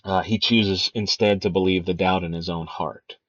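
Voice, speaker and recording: A man's voice: sits low, fairly even intonation, normal speed, fairly bright tone, no room sound. A man teaching a lesson on a play, talking casually with many fillers and restarts. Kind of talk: lecture on a play, reading quotes aloud. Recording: dry, dull lo-fi recording.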